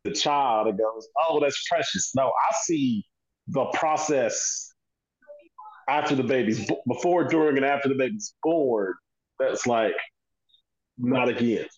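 A man's voice: mid-range voice, unhurried, long pauses. A middle-aged man with a mid-range voice talks in an emphatic, conversational way. His recording sounds dull and lo-fi, with the top end muffled. He is a podcast co-host in casual chat.

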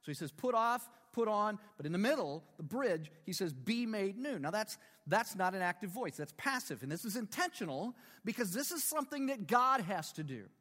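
A man's voice: high voice, big pitch swings, brisk, hardly any pauses, a bit bright, long reverb tail. A man in his fifties preaching a sermon in a conversational way, with rhetorical questions and humor. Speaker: pastor.

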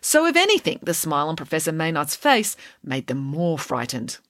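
Lively woman storyteller. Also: sits low, normal speed, no echo. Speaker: narrator. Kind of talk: audiobook narration.

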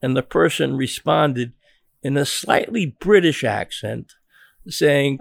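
An older American man with a gravelly, creaky voice recounts a past assignment at a halting pace, stumbling over and repeating words. The sound is close and dry, with no room around it. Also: mid-range voice, no echo. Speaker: journalist guest. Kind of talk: interview storytelling.

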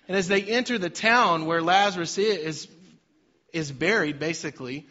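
Man, pastor, sermon, dynamic loud-soft delivery, forceful tone, dull lo-fi sound. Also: sits high, a little fast. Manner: dynamic preaching with sudden loud and soft swings.

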